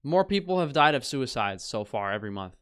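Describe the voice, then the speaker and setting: A man's voice: medium pitch, sing-song, a little fast, a bit bright, clear, resonant tone. Profane ranting male streamer. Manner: profane, scornful, reads headlines aloud. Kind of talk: casual ranting commentary.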